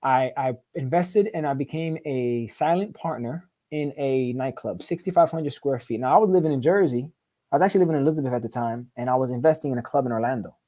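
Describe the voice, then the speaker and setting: Man guest, rapid-fire street-slang storyteller, swears a lot, keeps saying right. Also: mid-range voice, warm tone. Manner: repeats and restarts words in quick bursts. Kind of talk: casual storytelling interview.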